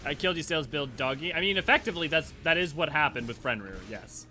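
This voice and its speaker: A man's voice: a little high, expressive, fast talker, pushed and bright, soft background music. A man streaming a game, chatting casually and nerdily, often restarting and correcting himself as he rambles. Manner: rambling, self-correcting, nerdy. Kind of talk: casual livestream chat and game commentary.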